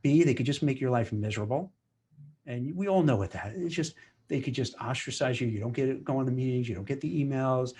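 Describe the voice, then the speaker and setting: A man giving casual career advice in a lively way. He acts out office chatter in mock voices. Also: medium pitch, fast, slight background noise. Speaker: career commentator.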